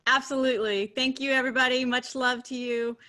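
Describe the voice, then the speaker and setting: A woman hosting a casual spiritual chat, speaking in a warm, affirming way with frequent fillers. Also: sits high, little pitch movement, fairly quick. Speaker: host.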